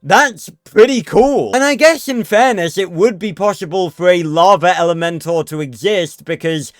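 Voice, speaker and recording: Male host, casual opinionated chat, high clean tone. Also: moderate pace, dry recording, studio quality. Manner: chatty, opinionated. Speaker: video host. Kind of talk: casual video commentary.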